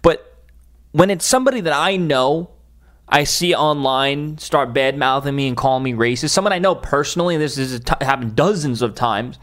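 A man's voice: medium pitch, normal speed, a bit bright. A man who is a social media influencer, delivering a heated, emphatic opinion rant with frequent restarts.

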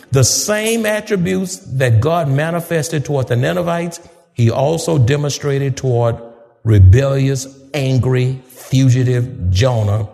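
A man preaching a fervent sermon, rising to shouts and calling on the congregation to answer back. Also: fairly high pitch, gravelly, long reverb tail. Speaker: pastor.

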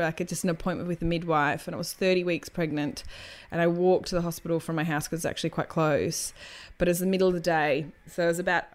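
A young woman co-hosting a podcast, telling stories bluntly and with plenty of swearing. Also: on the low side. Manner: blunt, sweary, animated storyteller. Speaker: podcast co-host. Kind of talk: casual chat.

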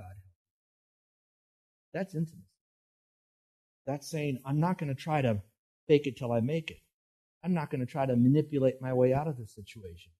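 A man's voice: mid-range voice, dark tone, breathy edge. A man preaching a sermon, telling folksy, self-deprecating stories full of restarts before turning to scripture. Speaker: pastor.

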